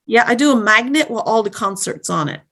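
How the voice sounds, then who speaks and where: A woman's voice: fairly high pitch, lively intonation, fairly quick, fairly bright tone. A woman with an Irish accent, a realtor guest on a podcast, chatting in an upbeat, emphatic way. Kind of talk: casual interview chat.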